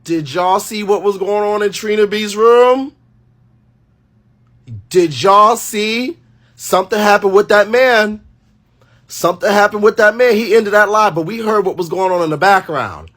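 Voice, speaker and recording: Man, high voice, gossipy livestream chat, animated, swearing. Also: measured pace.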